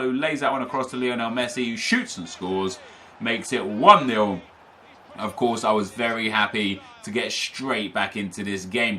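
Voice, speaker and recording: A man's voice: mid-range voice, pushed and bright. A young man giving casual play-by-play commentary over his own football video game matches, chatty with frequent fillers. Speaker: gaming commentator.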